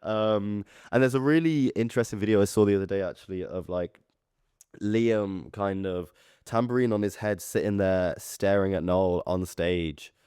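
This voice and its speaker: A man's voice: lowish voice, moderate pace, clean tone, dry recording, clean studio sound. A man co-hosting a music podcast, telling rambling, jokey stories in casual chat. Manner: relaxed, rambling storyteller, jokey. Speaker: podcast co-host.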